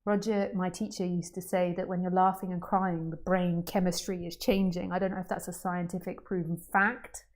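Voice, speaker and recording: A woman's voice: lowish voice, moderate pace, hardly any pauses. Playful woman teaching non-duality. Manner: playful, jokey, swings from hushed questions to excited outbursts. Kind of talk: spiritual talk to a group.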